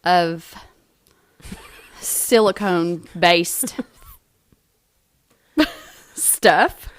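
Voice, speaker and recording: A woman's voice: lowish voice, drawn-out words. A woman co-hosting a true crime podcast, reading her notes aloud and often breaking into laughter. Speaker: podcast co-host.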